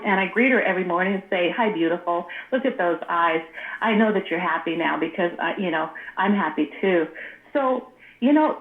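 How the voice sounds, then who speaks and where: A woman co-hosting a radio talk show by phone, telling stories in a lively way and acting out the voices she quotes. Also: mid-range voice. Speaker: radio co-host. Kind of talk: casual chat. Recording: tinny echoey phone line.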